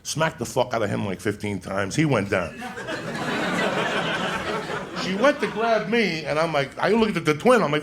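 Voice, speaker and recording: A man's voice: a little high, expressive, moderate pace, noisy background. A man telling a rowdy childhood story on stage as a stand-up comedian, swearing and laughing as he goes.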